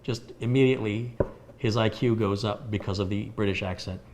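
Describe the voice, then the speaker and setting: A man's voice: fairly low pitch, normal speed, darkish tone, slight background noise. An American man hosting a live computer repair stream, explaining hardware with everyday analogies as he answers viewer questions. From United States. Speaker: computer repair livestream host.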